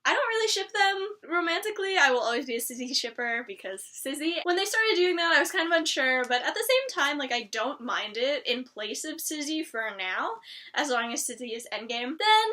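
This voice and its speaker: A young woman vlogger chatting casually about a TV episode, excitable and rambling, full of "like"s. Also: high voice, fairly quick. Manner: gushing, excitable, rambling with many "like"s. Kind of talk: casual chat.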